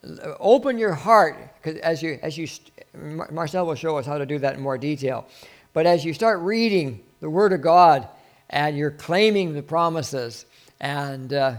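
A man preaching an informal sermon to a small group, earnest and rambling, with many restarts, dropping his voice softly whenever he quotes a prayer. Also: on the high side, normal speed. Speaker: pastor.

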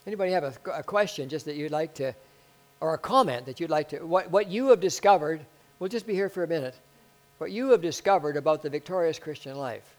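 A man preaches with excitable energy, his fairly high voice swelling into loud bursts. He also leads a spoken prayer. A low mains hum sits under the recording. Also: a little fast, low-quality recording. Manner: prays aloud. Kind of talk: sermon.

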